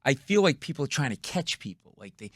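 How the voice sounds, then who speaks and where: In a radio studio, a middle-aged comedian guest spins lively comic stories, quickly and punchily acting out the voices of the people involved. His medium-pitched delivery is sing-song, and the sound is dry.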